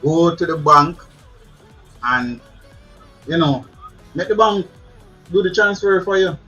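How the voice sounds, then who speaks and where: Jamaican male host, fairly high and bright, chatty with frequent laughs, slightly dull recording with faint music. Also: expressive, slow. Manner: chatty, laughs often, repeats words. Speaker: channel host. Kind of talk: casual advice talk to camera.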